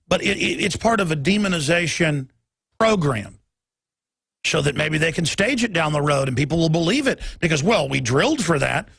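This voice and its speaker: A man's voice: a little high, creaky, fairly bright tone, slightly rough, no room sound. A man hosting a talk radio show, delivering a heated, emphatic monologue and stumbling over repeated words as he pushes his point.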